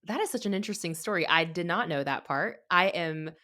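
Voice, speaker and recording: Female host with a deep voice, eager and gushing in interview. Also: lively intonation, a little fast, sharp tone. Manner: enthusiastic, effusive. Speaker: podcast host. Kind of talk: interview hosting.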